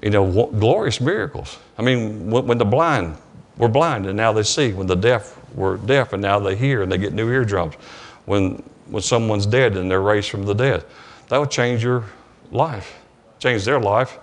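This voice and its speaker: Male pastor, southern accent, lowish voice, halting repeats, church sermon. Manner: halting, repeats words, retells dialogue. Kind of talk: sermon storytelling. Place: church sanctuary.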